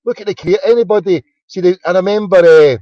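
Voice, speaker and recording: A Glaswegian man from Scotland hosts a late-night radio phone-in, chatting casually and joking in a rambling way while stumbling over his words. His voice sits high and moves at a quick pace, and the audio is dull with no room sound.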